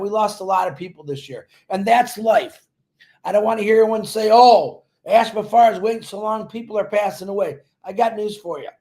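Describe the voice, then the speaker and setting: A man's voice: sits high, a little mellow. A man giving a fervent, preachy motivational talk on a livestream, repeating words for emphasis. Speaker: company leader on a livestream.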